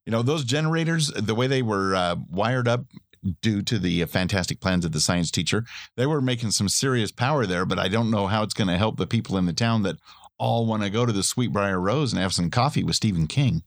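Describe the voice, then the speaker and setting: A man with a fairly low voice, chatting enthusiastically about a TV episode and often laughing along. His voice is recorded close and dry, with no room sound. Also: a little fast, no room sound. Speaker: podcast co-host. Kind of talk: casual TV recap chat.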